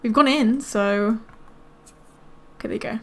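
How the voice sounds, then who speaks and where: Her voice is fairly high and carries some vocal fry as this female gaming creator narrates a relaxed let's play. She keeps addressing her characters directly, punctuating it all with rapid, thrilled exclamations.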